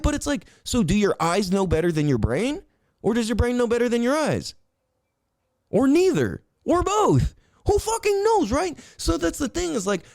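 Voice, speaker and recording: A young man riffs alone on his podcast, swearing freely and preaching like a friend. His voice sits high and leaps all over the place, jumping up for emphasis and dropping low to stretch out words. The sound is close and dry. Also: no echo. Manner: profane, animated and preachy, swings between loud highs and low drawn-out words. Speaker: podcast host. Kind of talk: casual monologue.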